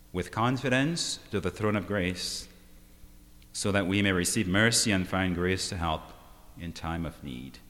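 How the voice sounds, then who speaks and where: A man preaching a sermon, emphatic and unhurried, often asking the listeners rhetorical questions. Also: low voice, a bit bright. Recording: long hall reverb.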